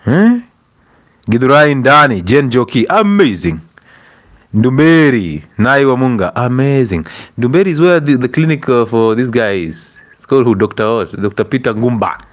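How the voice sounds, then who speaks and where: A young man with a Kenyan accent chats on a livestream, mixing English with bits of Swahili. His pitch is animated and bouncy, with frequent bursts of laughter and exclamations as he greets his audience. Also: normal speed. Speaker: livestream host. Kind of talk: casual livestream chat reading out viewers.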